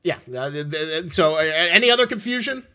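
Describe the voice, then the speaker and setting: Podcast guy joking around, kinda high bright voice, keeps stammering restarts. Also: expressive, a little fast. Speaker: podcast co-host. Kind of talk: casual chat.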